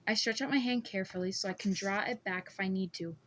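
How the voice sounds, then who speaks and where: A woman reading a first-person novel aloud as an amateur audiobook, steady and measured. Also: mid-range voice. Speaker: audiobook reader.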